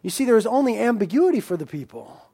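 High-voiced emphatic male preacher. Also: big pitch swings, creaky, breathy edge. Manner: emphatic preaching, swinging between loud drawn-out lines and quiet asides. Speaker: pastor. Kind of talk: sermon.

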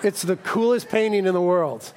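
High-voiced, animated male pastor. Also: normal speed, slight background noise. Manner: animated, jokey, conversational preaching. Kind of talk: sermon.

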